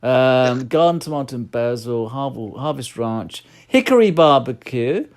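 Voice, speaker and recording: A man's voice: medium pitch, animated, a little slow. An English man co-hosting a podcast, reading lists aloud in casual chat and cracking jokes. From United Kingdom. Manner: jokey, reads lists aloud, slips into a mock cockney voice. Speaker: podcast co-host.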